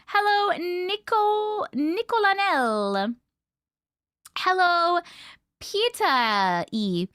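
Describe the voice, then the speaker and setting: A woman's voice: fairly bright tone, no room sound, studio quality. A woman hosting a casual livestream, chatting and greeting viewers by name with a bubbly, laugh-ready manner. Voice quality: naturally high-pitched voice. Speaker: livestream host.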